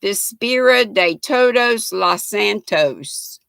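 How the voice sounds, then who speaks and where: An older Southern woman drawls slowly through a chatty live stream, her voice bright and edged with gravelly fry. She greets viewers by name in a homey, folksy way, recorded close and dry. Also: medium pitch, animated, no room sound. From North Carolina. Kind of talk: casual live-stream chat reading viewer comments.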